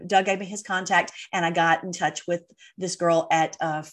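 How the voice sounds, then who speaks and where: A woman's voice: lowish voice, fairly even intonation, moderate pace. Rambling, emotional woman vlogger. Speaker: online video host. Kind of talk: casual direct-to-camera talk.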